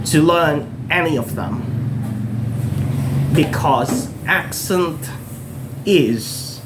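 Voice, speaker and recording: A man's voice: fairly high pitch, noisy background. A man in his thirties from the Philippines with a Filipino accent, earnestly encouraging English learners and repeating himself for emphasis. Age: 30s. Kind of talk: earnest direct-to-camera talk.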